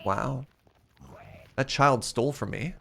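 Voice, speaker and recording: A man's voice: medium pitch, slow pace, gravelly, fairly bright tone, a little hiss or hum. A Canadian man from the prairies, streaming a game and chatting casually and playfully with his viewers, often joking at his own expense. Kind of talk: casual chat while playing a game.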